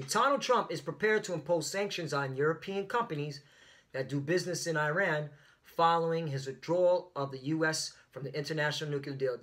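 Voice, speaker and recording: Bright-voiced man preaching fiery commentary. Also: a little high. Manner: fiery, confrontational, peppered with "all right?". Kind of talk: religious news commentary.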